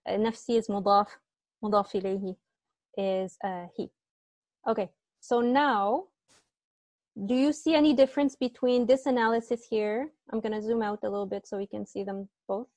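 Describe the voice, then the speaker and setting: A woman's voice: mid-range voice, fairly even intonation, brisk, a little mellow, dry recording. A young woman teaching assistant explaining grammar in an online tutorial, hesitant and often apologizing.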